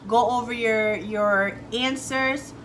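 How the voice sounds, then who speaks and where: A young woman vlogging casually, telling a story in a chatty, animated way, swearing freely and acting out what people said. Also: on the high side, slow pace, slight background noise. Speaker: beauty vlogger.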